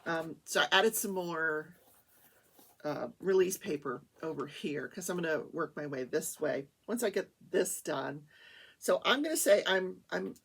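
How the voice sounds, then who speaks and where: A woman hosts a casual crafting show from her small home studio. Her voice is husky, and her pitch rises and falls in lively swoops. She rambles from one topic to the next in a chatty, animated way. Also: a little slow. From Wichita, Kansas, USA. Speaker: host of a daily crafting talk show. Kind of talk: casual chat while crafting.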